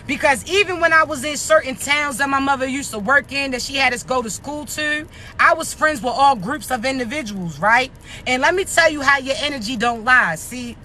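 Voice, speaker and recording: A raspy woman with a Maryland accent, speaking high and bright as she gives a casual motivational talk to camera. She is blunt and streetwise, swears freely, and keeps asking her listeners if they understand. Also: a little hiss or hum. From Maryland, United States. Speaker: motivational social media creator.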